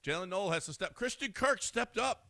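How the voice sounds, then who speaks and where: A man hosting a morning sports radio show, talking in an animated, excitable way. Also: sits high, normal speed, no echo.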